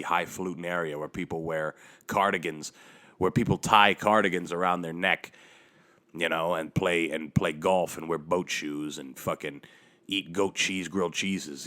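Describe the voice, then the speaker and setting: A man hosting a solo podcast, ranting heatedly with constant swearing and big swings in loudness. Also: sits low. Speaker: podcast host.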